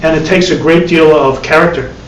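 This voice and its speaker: A man's fairly high, fairly evenly intoned voice comes through a little fast as he teaches a live spiritual class. As a meditation teacher giving a dharma talk, he speaks conversationally with repeated words and wry asides, recorded at a distance in an echoey room with faint hiss.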